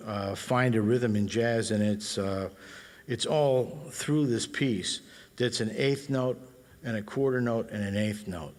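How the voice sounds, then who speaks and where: A middle-aged man leading a band and explaining jazz phrasing in a relaxed, talky way, scatting rhythms aloud. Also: mid-range voice, long reverb tail. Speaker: bandleader and guitar teacher. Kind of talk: explaining music in a clinic.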